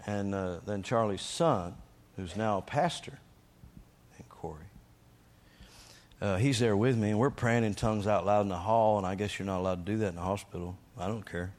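A man with a fairly low-pitched voice delivers a sermon testimony. He tells the story with energy and emphasis. He acts out the lines he shouted. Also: normal speed. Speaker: preacher.

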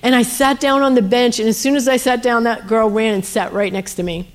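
A woman's voice: on the high side, steady tone, brisk. A woman telling a faith testimony as a missionary speaker, earnest and emotional, with frequent fillers. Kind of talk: testimony storytelling.

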